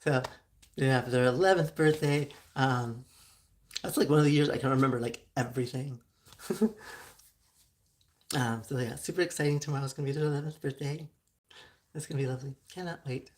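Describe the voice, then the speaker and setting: A woman from Southern California hosting a casual solo talk, chatty and full of ums with frequent giggles, her voice phlegmy with throat-clearing. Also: a bass voice, a little fast, long pauses. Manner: chatty, many ums and likes, giggles often. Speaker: show host.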